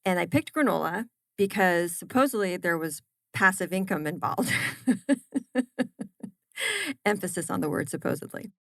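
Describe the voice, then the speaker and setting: Lively woman chef talking business. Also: lowish voice, no room sound. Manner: animated storyteller, emphatic repetitions. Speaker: guest, chef and granola business owner. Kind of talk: casual podcast interview.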